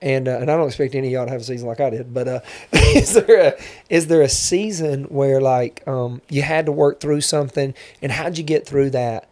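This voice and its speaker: A man's voice: medium pitch, fairly quick, hardly any pauses, a little mellow. A man hosting a podcast, talking earnestly, repeating key points and checking in with "right?". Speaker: podcast host. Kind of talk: casual interview conversation.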